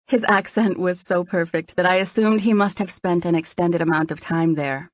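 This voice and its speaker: A woman narrating a first-person romance novel in a soft, intimate reading. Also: on the low side, steady tone, normal speed, few pauses, dry recording, clean studio sound. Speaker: audiobook narrator.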